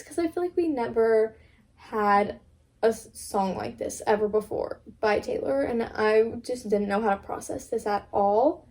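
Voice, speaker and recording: Chatting casually on her vlog, a young woman keeps repeating what she herself said and leans heavily on "like" as filler. She has a slightly high voice with a dark tone.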